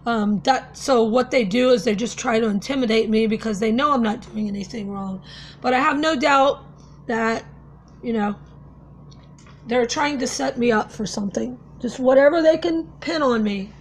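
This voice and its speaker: A woman's voice: on the high side, moderate pace, a little hiss or hum. A woman talking casually to camera in a vlog, telling a story in a conversational, earnest way. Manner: conversational, with fillers and restarts, earnest. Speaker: vlogger.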